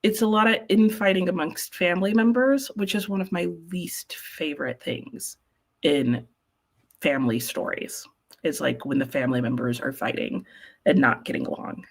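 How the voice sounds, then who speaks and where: A woman's voice: lowish voice, steady tone, normal speed. Chatty, sleepy woman streamer. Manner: chatty and rambling, talks to viewers in chat. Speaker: host of live reading sprints. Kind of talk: casual livestream chat.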